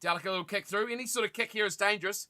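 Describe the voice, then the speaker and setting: A young man streaming a rugby watch party, commentating on the play and chatting casually with his viewers, with sudden loud reactions. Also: sits high, racing. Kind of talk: casual live commentary and chat.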